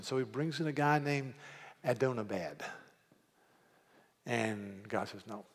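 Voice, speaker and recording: A man's voice: medium pitch, measured pace, pauses often. A man preaching a sermon, retelling a story and acting out the characters' lines. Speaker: pastor. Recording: long reverb of a large hall.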